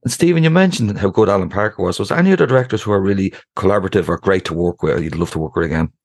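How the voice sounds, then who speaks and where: A man's voice: low-pitched, expressive, racing, gravelly, no room sound, studio quality. A man hosting an interview, asking his guest a question. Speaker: host.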